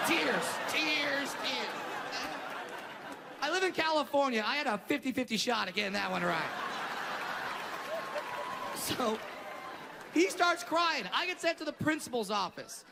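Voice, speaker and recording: Brash high-voiced male stand-up comic. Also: sing-song, moderate pace, gravelly, long pauses, very noisy. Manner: brash, profane, erupts into shouted rants. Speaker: stand-up comedian. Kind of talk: stand-up comedy set. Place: large theater stage. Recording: live theater with reverb and crowd laughter.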